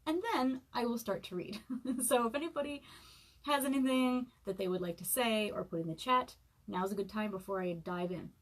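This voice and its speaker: A woman's voice: fairly high pitch, normal speed. A woman in her thirties, hungover, chatting casually on a live stream and reading from her own book, with many fillers and laughs. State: hungover, eating saltines and sipping broth.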